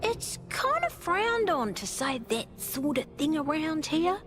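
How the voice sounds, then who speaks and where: A woman's voice: sits high, sing-song, a little slow, fairly bright tone, full character voice. A woman voicing a sly, conspiratorial robot recruiter in a video game, in a confiding, wheedling manner.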